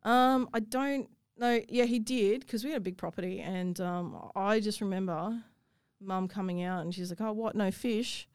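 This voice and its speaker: A woman's voice: mid-range voice, moderate pace, a little mellow, smooth, dry recording, clean studio sound. A woman, telling a personal story in an interview, blunt and swearing freely. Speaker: guest.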